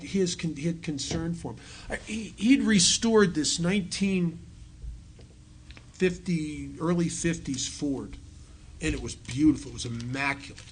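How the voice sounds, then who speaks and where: A middle-aged man with a voice on the high side talks to a recovery audience, telling stories conversationally and mocking himself, laughing at his own jokes. He restarts often and makes asides to the listeners, over slight background noise.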